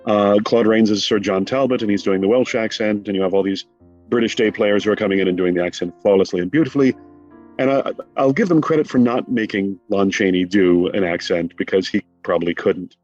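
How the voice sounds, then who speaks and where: Animated middle-aged man, low voice. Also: dull audio, faint music behind. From United States. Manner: animated, rapid asides, mock quotes. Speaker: guest, film scholar. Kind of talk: conversational interview.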